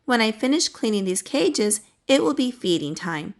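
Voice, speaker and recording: A woman's voice: fairly high pitch, very animated, moderate pace. A woman reading the lines of an earnest, caring young boy aardvark in a children's storybook. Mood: worried.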